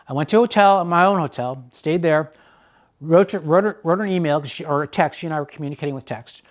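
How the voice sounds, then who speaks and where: Male storyteller, candid and rambling, slightly high pitch, performs quoted lines. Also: animated, fast talker. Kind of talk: personal storytelling.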